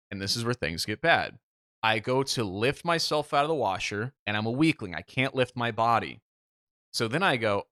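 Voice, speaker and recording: A man co-hosting a podcast, telling a story in casual chat with an animated, self-mocking manner and free swearing. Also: medium pitch, normal speed, dry recording, clean studio sound. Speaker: podcast co-host.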